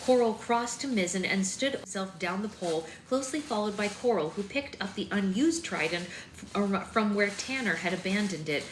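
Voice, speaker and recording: A woman's voice: mid-range voice, expressive, normal speed. A woman hosting a live book club, reading a novel aloud steadily with chatty asides. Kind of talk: live-stream read-aloud. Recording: echoey room with faint noise.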